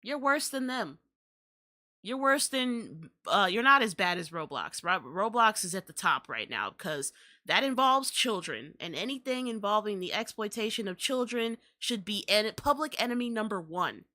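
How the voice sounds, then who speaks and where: A woman's voice: medium pitch, expressive, moderate pace, bright, forceful tone. A young adult woman hosting a podcast, ranting in exasperated, profane commentary. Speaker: podcast host.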